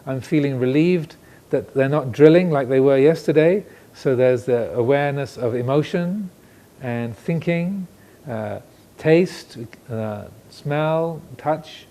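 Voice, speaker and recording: A man, a Buddhist monk, giving a dharma talk indoors, reflective and pausing, asking questions as he goes. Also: medium pitch, mellow. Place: indoor room with air conditioner. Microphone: filmed by cameras.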